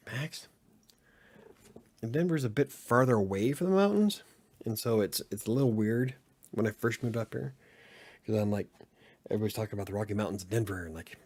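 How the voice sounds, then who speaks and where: Low and darkish in tone, this podcast host's voice belongs to a middle-aged Utah man in a relaxed late-night chat. He talks frankly and meanders, swearing freely and filling gaps with filler words.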